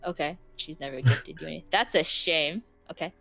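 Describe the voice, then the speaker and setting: A woman playing a tabletop game, thinking aloud and talking fast through her options. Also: deep voice, creaky, a bit bright, faint music behind. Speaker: player. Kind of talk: casual tabletop play.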